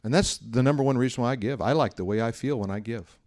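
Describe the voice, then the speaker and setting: A man's voice: medium pitch, fast talker, a little mellow. A middle-aged man preaching a sermon in a conversational, storytelling way, acting out the voices of people he quotes. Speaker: pastor.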